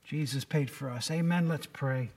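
A man's voice: mid-range voice, moderate pace, a little mellow. A middle-aged man preaching a sermon in a conversational way, often putting questions to the congregation. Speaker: pastor.

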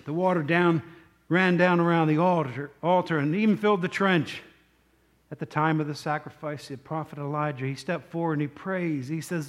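A man's voice: a little high, fairly even intonation, normal speed. A man preaching a sermon, telling a story in a conversational way with many rhetorical questions to the congregation.

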